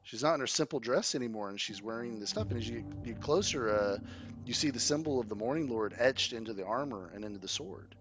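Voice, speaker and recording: A man's voice: medium pitch, quick pace. A man narrating as game master in a tabletop game, casual and rambling with fillers.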